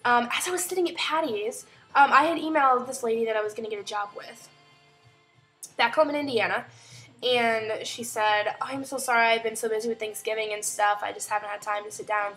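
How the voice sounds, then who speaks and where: A young woman vlogs casually from home, chatting through a story and acting out other people's lines in quoted voices with animated energy. Her voice is on the high side and brisk, with faint music in the background.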